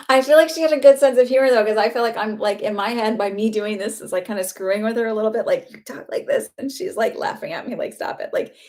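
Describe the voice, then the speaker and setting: Chatty woman psychic medium, halting. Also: medium pitch, darkish tone. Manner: chatty, halting, lots of fillers and laughs. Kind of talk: live-streamed reading.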